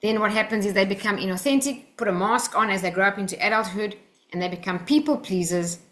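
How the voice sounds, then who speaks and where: A woman's voice: medium pitch, fairly bright tone. Earnest Australian woman teaching a group. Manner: earnest, personal, coaching. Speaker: workshop teacher. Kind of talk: talk to a workshop group.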